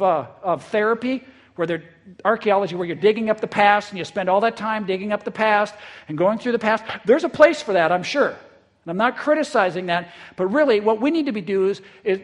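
A male pastor preaching a conversational sermon. He is lively and repeats words when he gets excited. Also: high voice. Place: church in eastern South Dakota.

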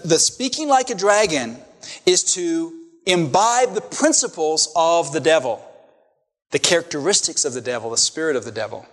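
A man's voice: on the high side, big-room sound. A male pastor preaching a sermon to his congregation, emphatic, with rhetorical questions and repeated phrases. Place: church sanctuary.

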